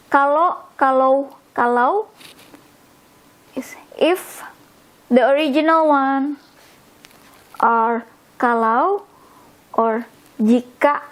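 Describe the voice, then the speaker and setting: Woman tutor, very unhurried, repeats words patiently for learners. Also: a little high. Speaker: language teacher. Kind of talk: slow explanatory language lesson.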